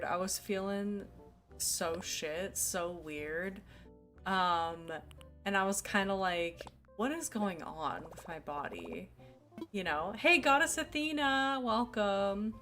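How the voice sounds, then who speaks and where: A sleepy young woman streamer chats with her viewers in a slow, drawn-out way, rambling and giggling between thoughts. Her voice sits at an ordinary middle pitch, with soft music playing faintly behind her. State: sleepy, yawning. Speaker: game streamer. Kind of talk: casual live-stream chat. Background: faint background music.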